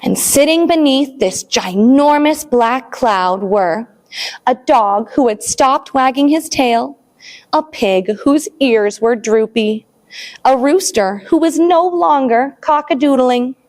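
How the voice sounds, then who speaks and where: A woman librarian reading a picture book aloud to small children, expressive and animated, then leading a counting rhyme. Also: sits high, takes it slowly. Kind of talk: storytime read-aloud.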